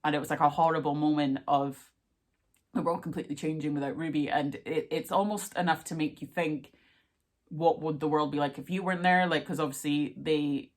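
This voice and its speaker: A young woman with a notably low voice rambles excitedly through a casual reaction vlog, dropping fillers and asides as she goes. Her delivery is chatty and animated. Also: a little fast. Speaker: vlogger.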